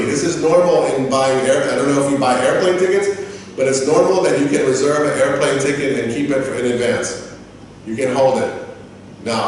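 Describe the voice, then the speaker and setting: Man teaching in an echoey room. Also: a little hiss or hum. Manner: animated storyteller, acts out quoted staff in a higher voice. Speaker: English teacher. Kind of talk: lecture with personal anecdotes. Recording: echoey room, mic far off.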